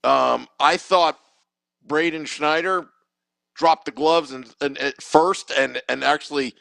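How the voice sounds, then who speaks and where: A man with a gravelly, somewhat high voice co-hosts a casual sports podcast. He rambles and restarts often while pushing strong opinions. The sound is dry and close. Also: slow, fairly bright tone, dry recording, poor audio. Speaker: podcast co-host.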